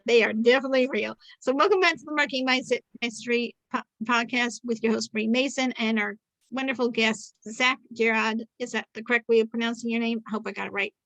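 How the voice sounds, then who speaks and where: Woman, 50s, podcast host, slightly high pitch, chatty, rambling, self-correcting, video call, dry sound. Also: steady tone, fast talker, fairly bright tone, no room sound, low-quality recording. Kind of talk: casual interview introduction.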